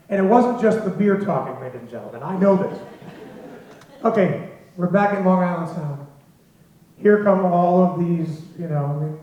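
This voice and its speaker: Male storyteller in a big echoey hall. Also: sits high. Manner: lively, chuckling storyteller. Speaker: storyteller at a symposium. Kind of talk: spoken anecdote to a live audience. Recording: very echoey hall, dull lo-fi sound.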